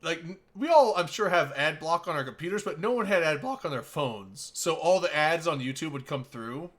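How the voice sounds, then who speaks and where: A man co-hosting a loose online chat show, telling a story in an animated, rambling way. His voice sits a little high and swings widely in pitch. He talks like he is chatting with friends over voice chat. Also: moderate pace. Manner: animated storyteller, breaks into a high squealing impression. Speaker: podcast co-host. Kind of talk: casual chat.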